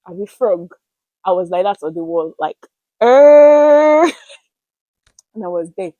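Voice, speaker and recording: A young woman, casually telling a personal story to her vlog audience in an animated, expressive way. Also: fairly low pitch, a little slow, no room sound, lo-fi sound. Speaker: vlogger.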